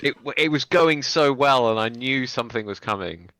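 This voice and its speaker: A man's voice: medium pitch, normal speed, pushed and bright. A man playing a tabletop game over a call, joking and exasperated. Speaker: player. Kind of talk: casual tabletop game chat.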